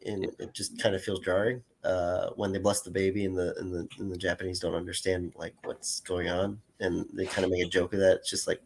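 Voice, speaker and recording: A man's voice: sits low, little pitch movement, brisk, gravelly, hardly any pauses, a little hiss or hum. A man around thirty, a guest calling into a livestream, talking casually with many fillers and restarts. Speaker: guest caller. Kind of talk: casual chat.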